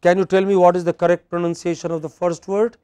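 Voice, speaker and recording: A man's voice: high-pitched, flat delivery, fast, mellow, clean tone. A man lecturing a class as a teacher, drilling pronunciation and checking in with questions.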